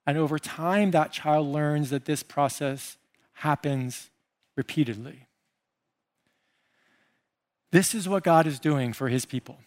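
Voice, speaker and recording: A middle-aged man, a pastor delivering a sermon, emphatic and playful, with big swings of pitch and loudness. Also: takes it slowly, long pauses. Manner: playful asides and mimicry.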